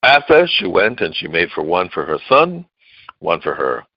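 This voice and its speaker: Animated call-and-response preacher, dull recording. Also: male voice, normal speed, husky, no echo. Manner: call-and-response preaching, repeats key phrases; swings from loud declaring to low murmurs. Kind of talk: sermon.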